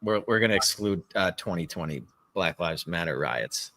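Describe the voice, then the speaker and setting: A man co-hosting a live podcast, talking in a rambling, animated way and swearing often. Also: sits low, moderate pace, vocal fry. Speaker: podcast co-host. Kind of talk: casual political chat. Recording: live stream call.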